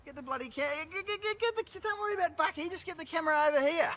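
An actor as a brash Australian crook. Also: male voice, mid-range voice, moderate pace, fairly bright tone, natural voice. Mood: bossy. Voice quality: coarse, swears constantly, bossy. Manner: mocking, boisterous, bosses people around. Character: brash boastful male career criminal, cheeky and crude. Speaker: convicted criminal giving a television interview. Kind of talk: film drama.

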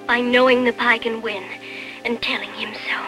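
Actress as a young girl, soft-spoken, earnest, quiet delivery, music behind. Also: a little high, little pitch movement, normal speed, close to an everyday voice, low-quality recording.

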